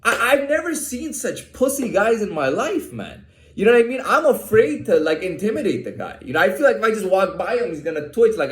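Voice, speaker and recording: Here a high-pitched man rants in an echoey room, addressing the camera in an agitated, swear-heavy monologue where he keeps breaking off and restarting sentences.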